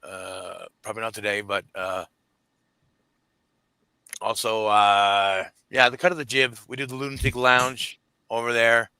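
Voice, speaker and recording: A man's voice: lowish voice, steady tone, unhurried, long pauses, pushed and bright, smooth, no echo. A man on a livestream rambling through plugs for his shows, hesitant with many fillers. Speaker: guest podcaster. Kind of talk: casual chat, plugging shows.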